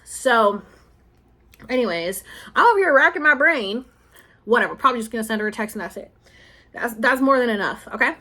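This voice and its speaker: Woman in her thirties, casual vlog talk, slightly high voice, rambling, emotional, lots of "like". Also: fairly bright tone. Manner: rambling and emotional, heavy use of "like". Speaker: vlogger.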